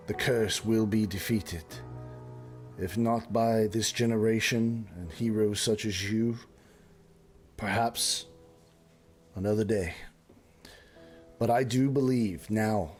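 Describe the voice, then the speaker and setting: Guy doing a slow solemn nobleman, low voice, formal and grave, bit of music behind. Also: fairly even intonation, a little mellow, husky. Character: solemn noble man bound to dark powers.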